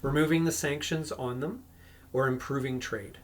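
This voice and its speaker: A man running a board game as game master, explaining rules with many pauses and self-corrections. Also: mid-range voice, steady tone.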